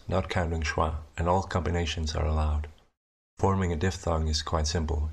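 A young man narrating a scripted explanation of his invented writing system, measured and methodical, slowing down to sound out each example. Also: low voice, breathy edge. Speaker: conlang creator presenting his language.

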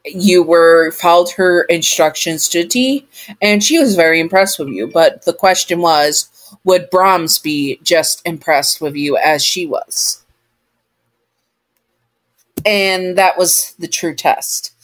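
A woman reads fan fiction aloud in the second person. Her voice sits low and she takes her time. She rambles and corrects herself often as she goes. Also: slow. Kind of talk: second-person story narration.

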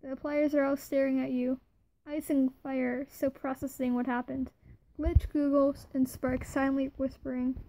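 A woman reads a fan fiction story aloud in a plain, even way. Her voice sits high but stays flat, with a mellow, dark tone. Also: moderate pace, rough recording. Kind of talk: reading a second-person fan fiction story.

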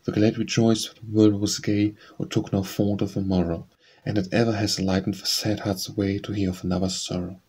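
An audiobook reader recites poetry in a low, slightly husky voice. His delivery stays even and unvaried, keeping a steady, measured pace through the verses.

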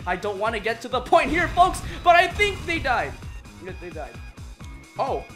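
A woman hosting a let's-play, reacting excitedly and squealing while she plays and chats. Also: fairly high pitch, normal speed. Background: game music.

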